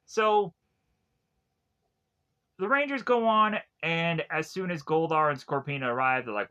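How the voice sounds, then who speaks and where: A man's voice: a little high, lively intonation, measured pace, long pauses, sharp tone, clean tone, muffled recording. A young man casually recapping TV episodes, rambling with many fillers and frequent chuckles. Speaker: TV show reviewer.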